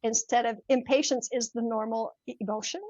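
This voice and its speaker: This older woman, a mindset coach on a podcast, speaks a little fast in a voice on the high side as she animatedly recounts a personal story and performs its voices. The sound is lo-fi without any echo.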